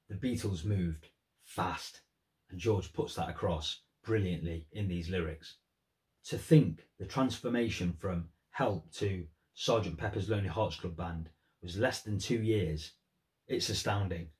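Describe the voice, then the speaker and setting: A man's voice: low voice, unhurried, a little mellow. A man giving earnest, thoughtful commentary on song lyrics in a vlog. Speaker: music vlogger.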